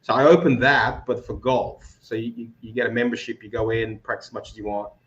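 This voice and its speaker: A man in his forties, from Moldova, with an Australian accent, talking as a podcast guest in a relaxed, hesitant way with many fillers. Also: mid-range voice, a little fast. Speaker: podcast guest, business founder. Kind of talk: casual interview chat. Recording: dull lo-fi audio.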